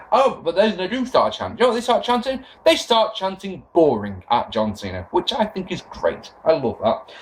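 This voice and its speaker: A fairly high-voiced young man rants sarcastically and casually while recapping a wrestling show for his podcast, swearing as he goes and staying animated. Slight background noise can be heard.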